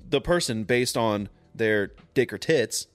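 Guy on a podcast, crude storytelling, pitch bouncing all over, music faint behind. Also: measured pace. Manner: animated storyteller, mimics voices mid-story. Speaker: podcast co-host. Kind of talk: crude casual chat.

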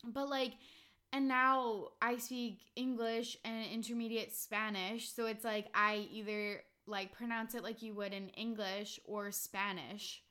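A young woman from Canada hosts a relaxed podcast chat, her bright voice tumbling through stories with plenty of "like" and easy laughter. She talks loosely and warmly with a friend, never scripted. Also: fairly high pitch, a little slow. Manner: chatty, laughs often, heavy use of "like". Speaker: podcast host. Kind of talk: casual chat.

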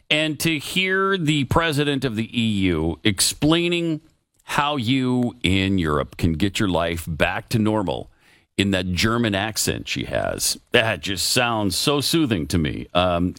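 A man's voice: lowish voice, no echo, clean studio sound. A man hosting a talk show, commenting sarcastically. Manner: sarcastic, lively. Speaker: radio host.

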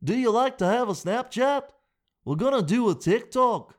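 A man voicing a goofy, excitable guy who films himself for social media, loud and sing-song. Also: extremely high pitch, moderate pace, pitched above the performer's own voice. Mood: giddy.

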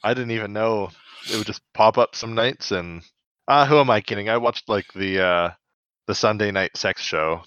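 Brief: bright, sharp-toned male co-host, playful banter, lo-fi dry sound. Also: lowish voice, normal speed, clear, resonant tone, dry recording. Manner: joking, animated, many fillers. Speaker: podcast co-host. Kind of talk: casual chat.

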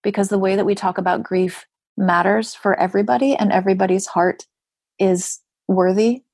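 A woman guest on a podcast interview, speaking earnestly and emphatically about compassion, with rhetorical questions and playful jumps into a higher voice for asides. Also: fairly even intonation, normal speed, a little mellow, husky, dry recording. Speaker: grief writer and guest.

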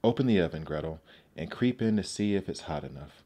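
A man's voice: low-pitched, lively intonation, a little fast, dark tone. A man putting on a sly, greedy old witch. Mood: shrieking.

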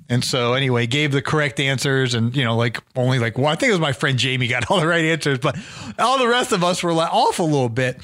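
A man's voice: medium pitch, quick pace, fairly bright tone. A man hosting a podcast, telling a story casually with many fillers and restarts, his voice a little worn. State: losing his voice. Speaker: podcast host.

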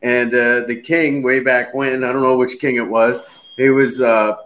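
Relaxed man explaining beer. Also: mid-range voice, moderate pace. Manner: relaxed, explains with easy humor. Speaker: bar owner, co-host. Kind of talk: casual chat.

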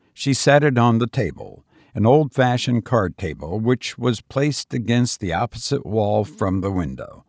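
Slow low guy reading a story, husky, lots of ups and downs. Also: darkish tone, dry recording, clean studio sound. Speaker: narrator. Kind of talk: storybook narration.

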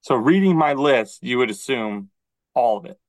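A man co-hosting a podcast, chatting casually and acting out quoted dialogue in an animated storytelling manner. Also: mid-range voice, moderate pace, dry recording, poor audio. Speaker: podcast co-host. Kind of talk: casual chat.

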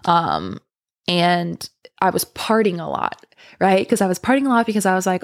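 A woman's voice: on the low side, animated, normal speed, vocal fry, dry recording, studio quality. A young woman telling a candid storytime to her viewers, rambling and swearing freely. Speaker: vlogger. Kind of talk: casual storytime monologue.

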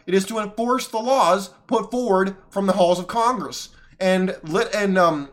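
A man's voice: sits high, unhurried, hardly any pauses. A man from the United States giving solo political commentary as a podcast host, sarcastic and arguing back at the clips he plays.

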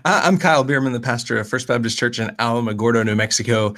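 A man with a mid-range voice co-hosts a casual podcast. He is easygoing and laughs easily, introducing topics in a relaxed tone. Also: medium pitch, fast talker. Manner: laughing, good-natured. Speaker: podcast co-host and pastor.

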